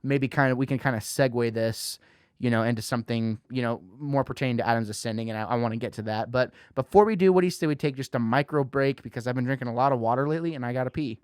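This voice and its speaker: A man hosting a casual podcast, talking in an animated way with lots of "you know" fillers. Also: mid-range voice, quick pace, clear, resonant tone, no room sound, studio quality. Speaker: podcast host.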